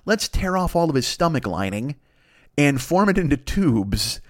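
A man's voice: on the high side, sing-song, moderate pace. A man voicing two crude, vengeful male cavemen who swear and bicker. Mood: gruff. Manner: gruff, swearing, exaggerated.

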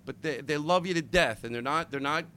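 A man hosting a casual comedy podcast chat, animated and joking, with some swearing. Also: on the high side, a little hiss or hum. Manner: animated, swearing, quick jokes. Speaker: podcast host.

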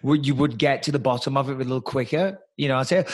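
A man co-hosting a podcast, talking in a blunt, sweary and animated way. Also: medium pitch, fast, hardly any pauses. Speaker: podcast co-host. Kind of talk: casual podcast chat.

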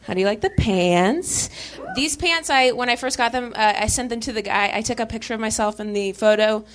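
A young woman doing a stand-up set on a club stage, talking in a deadpan, halting way with many restarts. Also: fairly high pitch, some chatter behind. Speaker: stand-up comedian.

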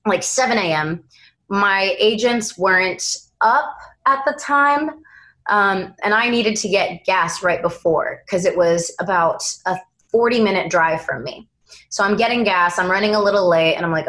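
Young actress guest chatting away, lively storyteller, does little voices for people. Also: female voice, mid-range voice, rough recording. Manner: animated storyteller, acts out quoted voices. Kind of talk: casual interview chat.

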